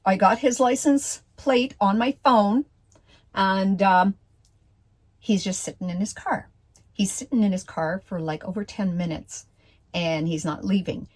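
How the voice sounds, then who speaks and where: Slow, hesitant woman telling a story. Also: medium pitch. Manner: hesitant, with many fillers and restarts; slow, deliberate delivery. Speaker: vlogger telling a personal story. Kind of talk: casual storytelling.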